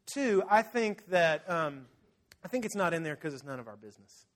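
At a moderate pace and in a slightly high voice, a pastor preaches vividly. He performs the story's scenes and addresses his congregation directly.

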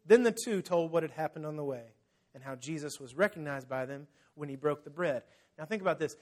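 A man's voice: fairly high pitch, fairly quick. A man preaching a sermon, telling the story vividly, acting out scenes and speaking straight to his congregation. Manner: lively storytelling, acts out scenes; addresses the congregation directly. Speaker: pastor.

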